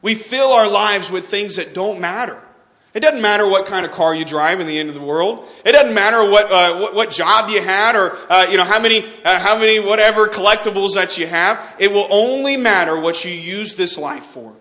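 A man's voice: high-pitched, normal speed, sharp tone. A young man from Texas preaching a sermon, telling a story with frequent restarts and repeated words.

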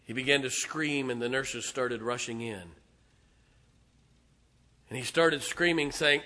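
A middle-aged male pastor delivering an impassioned sermon. His voice is very bright and forceful, with a sharp edge. He drops from loud, emphatic lines to near-whispered asides and hammers home repeated phrases. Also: slow, pauses often. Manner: swings between booming declarations and hushed, intimate asides. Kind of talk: fervent sermon.

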